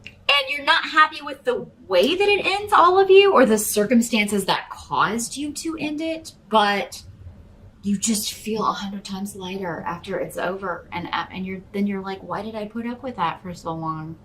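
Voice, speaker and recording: In a medium-pitched, fairly bright voice and at a slightly slow pace, a woman does a casual tarot reading, speaking to the listener as a star sign. Her talk is rambling and hesitant, packed with fillers and restarts; the audio is poor, with slight background noise.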